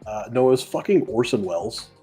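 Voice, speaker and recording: A man's voice: mid-range voice, animated, fairly quick, warm tone, faint music behind. A man co-hosting a live comic book show, chatting casually in a dry, teasing way. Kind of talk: casual live-stream chat.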